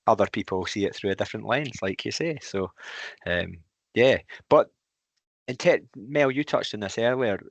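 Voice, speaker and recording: A very deep-voiced man, hosting a casual podcast. The recording is close and dry, with no room sound. He asks questions hesitantly and fills the gaps with ums. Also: lively intonation, normal speed, no echo. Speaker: podcast host.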